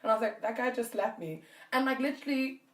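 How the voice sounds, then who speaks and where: A woman from Namibia co-hosting a podcast, telling a story in an animated way and laughing often. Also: on the high side, quick pace, roomy sound, distant mic. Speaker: podcast co-host. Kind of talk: casual chat.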